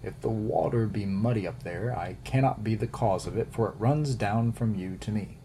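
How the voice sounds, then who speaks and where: A man's voice: fairly low pitch, normal speed, creaky, mellow, slight background noise. A man voicing a meek young female lamb in a storybook fable, pleading and timid. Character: meek little female lamb, six months old.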